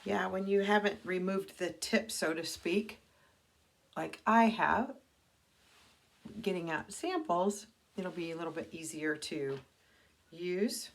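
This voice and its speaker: A woman's voice: fairly low pitch, takes it slowly, pauses often. Chatty woman giving a makeup tutorial. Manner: chatty, self-correcting, demonstrating as she goes. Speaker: makeup consultant. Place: home bathroom. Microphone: camera mic.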